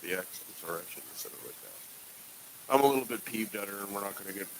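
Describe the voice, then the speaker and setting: A man from Canada chatting on a podcast in a bright, forceful voice that wanders from one thought to the next. He swears casually and jokes at his own expense. A faint hiss sits under the recording. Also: fairly low pitch, sing-song, fast, creaky, poor audio. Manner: loose, profane, jokey, rambling. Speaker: podcast co-host. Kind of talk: casual chat.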